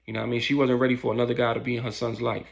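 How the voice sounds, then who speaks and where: A man's voice: mid-range voice, flat delivery, rapid-fire, gravelly. A man casually telling a story in loose street slang, with lots of fillers.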